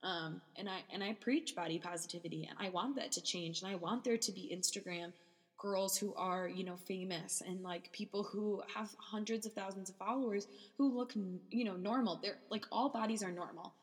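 A woman's voice: medium pitch, moderate pace, husky, big-room sound. A young woman hosting a candid solo podcast from a basement office, emotional and rambling, close to tears, with many restarts and fillers. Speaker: podcast host.

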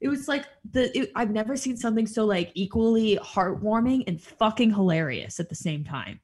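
A woman co-hosting a podcast chats casually and excitably, swearing and laughing as she recaps. Her voice sits a little high. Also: normal speed, slightly rough. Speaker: podcast co-host.

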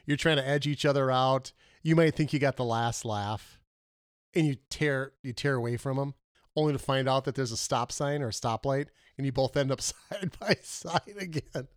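A man's voice: mid-range voice, moderate pace, smooth, no room sound, clean studio sound. Chatty man telling road stories. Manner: animated storyteller, laughs often, trails off with fillers. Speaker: podcast co-host. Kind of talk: casual comedic chat.

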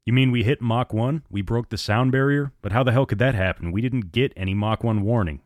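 Brief: edgy co-pilot, impatient quick questions, male narrator. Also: medium pitch, darkish tone, dry recording, clean studio sound, lightly acted. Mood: anxious.

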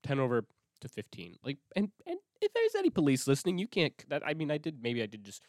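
A man's voice: on the high side, huge pitch swings, quick pace, a little mellow, dry recording, clean studio sound. A young man hosting a podcast, talking in a rambling, profane, self-interrupting way with many restarts. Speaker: podcast host. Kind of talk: casual rambling monologue.

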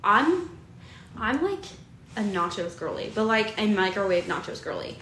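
A woman's voice: medium pitch, big pitch swings, normal speed, fairly bright tone, echoey room, a little hiss or hum. A young woman co-hosting a casual chat, gushing about food and laughing often. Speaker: podcast co-host.

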